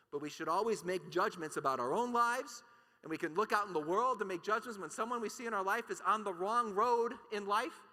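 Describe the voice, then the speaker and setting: A man's voice: high voice, bright, forceful tone. A man giving an impassioned keynote talk at a conference, emphatic and full of rhetorical questions. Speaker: conference speaker. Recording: long hall reverb.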